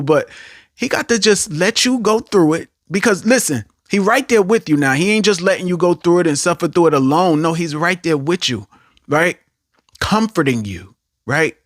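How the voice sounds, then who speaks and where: A man preaching an online sermon, animated, repeating phrases for emphasis and often checking in with "right?". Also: high voice, dry recording, clean studio sound.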